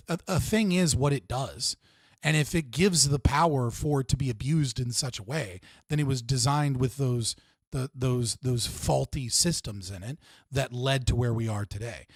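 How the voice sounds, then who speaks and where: A young man hosting a livestream, talking casually about politics, swearing freely and telling stories with lively energy over a video call. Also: medium pitch, moderate pace, breathy edge, no room sound, clean studio sound. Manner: animated storyteller, swears freely, does excited voices in anecdotes. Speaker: livestream host.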